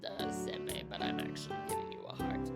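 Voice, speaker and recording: A woman's voice: fairly quick, loud music behind the voice. An Australian woman from Tasmania chatting casually on a live stream, bubbly and greeting her chat with pet names.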